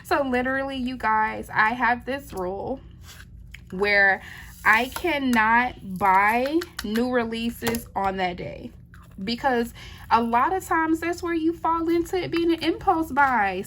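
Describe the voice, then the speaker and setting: Working on a craft, this diamond painting host chats away and answers viewers' questions, laughing readily and saying "y'all" again and again. She is an adult woman, a wife and mother. Her pitch is fairly high, and there is a little background noise.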